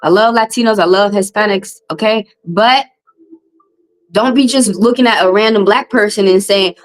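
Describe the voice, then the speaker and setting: Speaking at an ordinary pace over a rough-sounding recording, a woman who reads tarot on a live stream lets off steam to her viewers. She's blunt, swears a lot, and her pitch rises as she rants.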